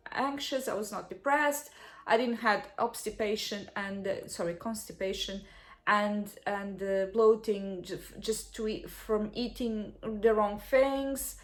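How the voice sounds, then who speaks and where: A young woman vlogger telling a personal story in a halting, heartfelt way, often restarting and apologizing. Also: medium pitch.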